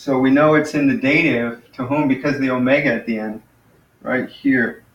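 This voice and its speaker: A man teaching a casual lesson to a class, patiently explaining and slowly sounding out words. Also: medium pitch, steady tone, muffled recording. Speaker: Greek teacher. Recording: echoey room, mic far off.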